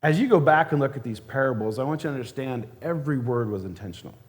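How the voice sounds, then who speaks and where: A man's voice: medium pitch, lively intonation, quick pace. A man preaching a sermon as a church elder, conversational and humorous, often acting out the scenes he describes.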